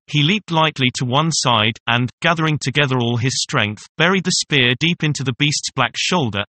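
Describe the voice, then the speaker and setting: A man narrating an old Greek legend in a steady storybook reading, speaking the quoted lines in his own voice. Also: mid-range voice. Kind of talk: scripted narration of a classic tale.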